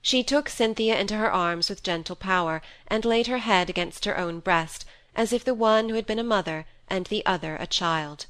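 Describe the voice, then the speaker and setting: A woman narrates a classic novel in a measured, even voice. Her pitch sits in the middle of the range. It is an audiobook reading.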